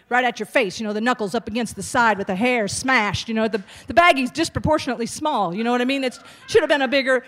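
A woman's voice: a little high, a bit bright. Chatty woman in her sixties doing stand-up. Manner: chatty, self-deprecating, talks to the audience. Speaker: stand-up comic and nurse. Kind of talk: stand-up comedy.

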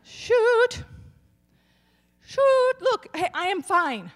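A bright, chirpy older mother, pitched high and always in denial, as a woman puts her on. She squeals cheerful reassurances and offers snacks, breezing past any trouble. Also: big pitch swings, very slow, full character voice. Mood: frantic. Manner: shrill, chirpy, brushing off disaster.

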